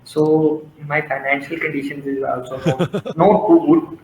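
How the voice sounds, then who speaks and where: Hesitant man with a flat voice, echoey room. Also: fairly high pitch, crowd noise. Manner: hesitant, halting, many fillers. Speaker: interview guest. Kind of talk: casual interview. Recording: echoey room with faint noise.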